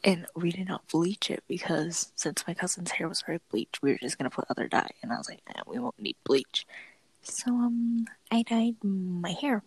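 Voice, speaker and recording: Giggly, breathy young woman. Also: on the low side, lively intonation, normal speed, no echo, low-quality recording. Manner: giggly, rambling with many fillers. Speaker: podcast co-host. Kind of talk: casual chat.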